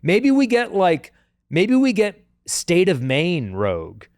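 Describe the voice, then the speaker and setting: A man co-hosts a casual podcast, talking in an animated, joking way. His voice sits a little high. The sound is close and dry. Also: no echo. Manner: animated, jokey, puts on quick voices, many fillers. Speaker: podcast co-host. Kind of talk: casual chat.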